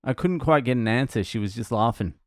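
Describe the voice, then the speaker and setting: A stand-up comedian recounting gigs in a casual monologue, blunt and self-mocking, swearing freely. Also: male voice, mid-range voice, animated, brisk, no echo, clean studio sound.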